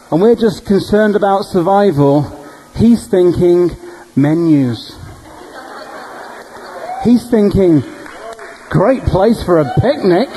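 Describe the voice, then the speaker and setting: A male preacher telling dream stories in a sermon, animated and humorous. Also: sits high, a little hiss or hum, low-quality recording. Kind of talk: storytelling sermon.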